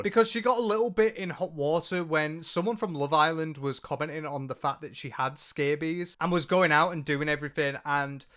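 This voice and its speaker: A man's voice: on the high side, a bit bright. A British man hosting a commentary video, ranting sarcastically and swearing freely. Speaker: commentary channel host.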